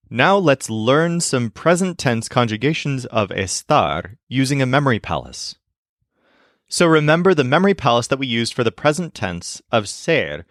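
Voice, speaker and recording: Male teacher voice-over, clear measured delivery, dry studio sound. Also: medium pitch, a bit bright, dry recording. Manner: clear, measured explanation with slow model phrases. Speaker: language teacher. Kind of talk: scripted lesson narration.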